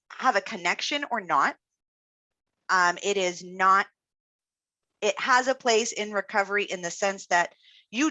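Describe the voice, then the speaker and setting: Bright, encouraging woman coach. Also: mid-range voice, dry recording. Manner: encouraging, reflective, many fillers. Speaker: speech-language pathologist and health coach. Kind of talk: webinar presentation.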